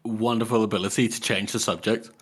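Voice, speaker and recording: A man co-hosting a book podcast, chatting casually in an animated way and laughing often. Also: fairly low pitch, quick pace, slightly rough. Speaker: podcast co-host. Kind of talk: casual chat.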